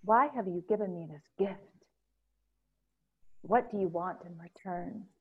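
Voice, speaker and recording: A woman's voice: on the low side, a little slow, husky. Woman putting on a wailing underworld queen. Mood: questioning. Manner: wailing cries of pain. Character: moaning female queen of the underworld, grieving. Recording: phone-like narrow sound.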